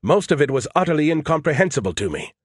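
A smug male alien AI with a mocking, condescending edge, as a narrator puts it on. The voice sits a touch higher than a regular speaking voice and sounds dry and close, with no room around it. It needles and talks down to everyone in a storybook telling. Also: very animated, quick pace, slightly rough, no echo. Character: arrogant snarky male alien AI.

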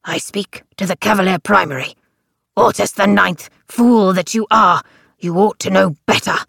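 A woman reading an audiobook and voicing a stern old male marshal who croaks out solemn, scolding speech. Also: on the low side, unhurried, a bit bright, no echo, studio quality, heavily acted. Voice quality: croaking, gravelly.

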